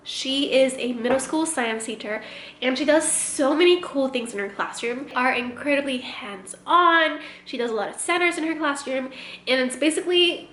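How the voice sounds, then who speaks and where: Woman teacher, high voice, stuffy congested nose, chatty vlog from her car, roomy echo, faint music. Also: moderate pace, fairly bright tone. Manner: chatty, a bit frazzled. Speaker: first grade teacher, vlogger. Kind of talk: casual vlog chat.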